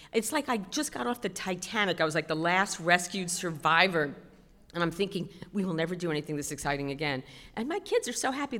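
A middle-aged woman doing stand-up storytelling, self-deprecating and animated, with sudden loud outbursts. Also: on the low side, in a large hall. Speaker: stand-up comedian.

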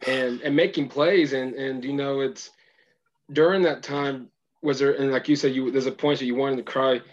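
A man interviewing a football player in a relaxed, halting way with many fillers. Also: mid-range voice. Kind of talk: casual interview. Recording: dull lo-fi sound.

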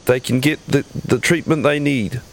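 A man voicing a small but bold male hero in a tabletop game, with a slow drawl. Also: medium pitch, a little hiss or hum, close to an everyday voice. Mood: laid-back. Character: tiny bold male hero, laid-back.

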